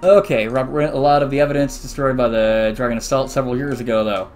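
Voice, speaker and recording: A young man hosting a let's play, reading game dialogue aloud with chatty, excitable reactions. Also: mid-range voice, fast talker, faint music behind.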